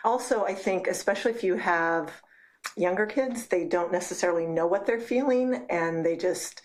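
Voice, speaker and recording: A middle-aged woman with a somewhat low voice speaks earnestly as a guest in a relaxed church podcast conversation. She shares her experiences openly. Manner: earnest, gets teary while speaking. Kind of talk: casual chat.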